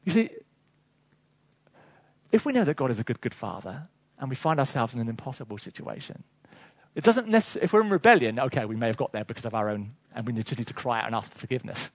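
A man's voice: medium pitch, big pitch swings, rapid-fire, no room sound. A man preaching a sermon to a congregation, telling stories with chuckles and asides.

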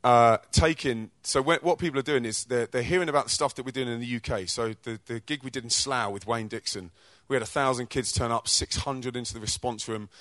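A man from England, telling energetic, chatty stories about his charity work to a church audience, with slang and quick restarts. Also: medium pitch, no echo. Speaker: Christian rapper and charity co-director. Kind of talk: informal testimony talk to a church audience.

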